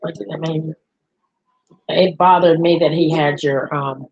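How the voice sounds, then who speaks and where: Husky grandmother chatting. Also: low-pitched, steady tone, unhurried, dull audio. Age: older. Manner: chatty, rambling, talks to viewers and pets. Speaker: livestream host. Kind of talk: casual livestream chat.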